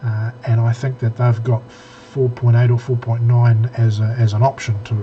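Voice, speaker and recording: A man's voice: medium pitch, flat delivery, normal speed, dull audio, a little hiss or hum. A man co-hosting a casual tech podcast, rambling with many restarts and fillers. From New Zealand. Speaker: podcast co-host.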